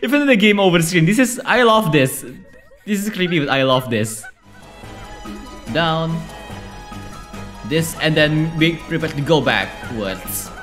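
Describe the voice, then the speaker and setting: A man giving casual, excitable commentary while playing a game, laughing often and swearing. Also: fairly high pitch, a little slow, long pauses, music in the background. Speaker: let's play gamer.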